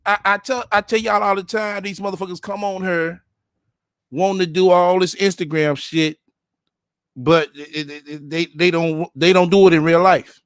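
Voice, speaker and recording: A man's voice: high-pitched, steady tone, normal speed, clear, resonant tone, no room sound, clean studio sound. Sarcastic, swearing man commentator. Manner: sarcastic, mocking, heavy swearing. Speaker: reaction commentator. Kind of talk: profane reaction commentary.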